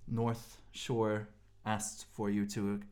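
A man's voice: on the low side, completely flat delivery, darkish tone. Tired man hosting a casual podcast. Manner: halting, with many ums and restarts. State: sleep-deprived, tired and yawning. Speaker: podcast co-host.

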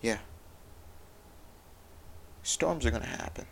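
A man's voice: medium pitch, animated, slow pace, gravelly, a bit bright, a little hiss or hum, low-quality recording. A man telling a personal story of faith and struggle in an earnest, confessional way, with many restarts. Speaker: father sharing a personal story. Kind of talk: candid personal talk about faith.

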